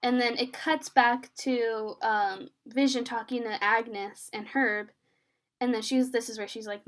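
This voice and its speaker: A young woman with a high, light voice talks through a TV episode with a friend. She acts out each character's lines as she goes. Her speech is loose and chatty, with plenty of fillers. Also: measured pace. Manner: excited, filler-heavy retelling, acts out the scenes in quoted voices. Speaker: podcast co-host recapping a TV episode. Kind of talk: casual chat.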